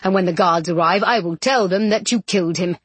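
A smug, silky older nobleman who threatens with easy condescension, as a woman narrator puts him on. The voice is slightly breathy and recorded dry, with no room around it. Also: lowish voice, brisk, dry recording. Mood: menacing. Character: scheming aristocratic male villain, older, smug.

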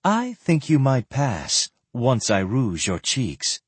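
A self-assured noblewoman, firm and gently teasing , as a man reads her. Her words come slow and measured, with a husky, dry edge. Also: medium pitch, huge pitch swings, dry recording, heavily acted.

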